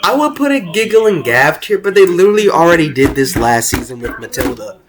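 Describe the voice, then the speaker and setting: A young man giving casual tier-list commentary as host, excited and rambling, with many restarts and slang. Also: a little high, fairly quick, over music. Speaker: video host ranking cartoon episodes.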